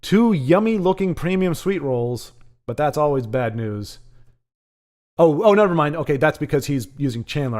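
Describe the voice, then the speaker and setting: A man with a slightly high voice hosts a live card-game stream. He rambles through a rant about his gadgets, then drifts into loose commentary on the match and chats with his viewers. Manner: rambling, ranting, animated asides to chat. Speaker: stream host and caster. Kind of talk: casual livestream chat and game commentary.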